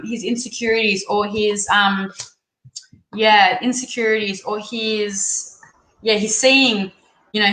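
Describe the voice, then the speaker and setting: Giving a tarot reading on a live stream, this young Australian woman has a mid-range, fairly bright voice. She's chatty and wanders as she thinks out loud, with faint background noise and a roomy echo around her.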